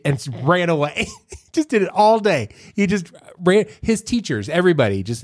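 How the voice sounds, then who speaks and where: A man's voice: high-pitched, sing-song, moderate pace, no room sound, studio quality. A man co-hosting a podcast in casual chat, telling stories with frequent laughs and restarts. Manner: rambling storyteller, laughs often, many restarts. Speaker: podcast co-host.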